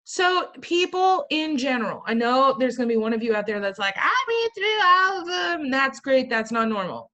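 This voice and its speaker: Woman teacher, lecturing a class, fairly high voice, playful, quizzing students, joking asides. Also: a bit bright. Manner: jokey asides.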